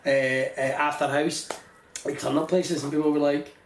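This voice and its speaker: A man's voice: a little high, steady tone, moderate pace, slight background noise. A Scottish man co-hosting a podcast, chatting casually, joking and swearing a lot. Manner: swearing, jokey, puts on voices. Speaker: podcast co-host. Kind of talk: casual chat. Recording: roomy room echo.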